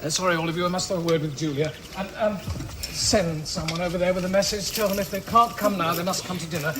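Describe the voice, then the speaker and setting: An actor in a radio drama playing a fussy, self-important host who chatters fastidiously. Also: male voice, high-pitched, steady tone, background noise, close to an everyday voice.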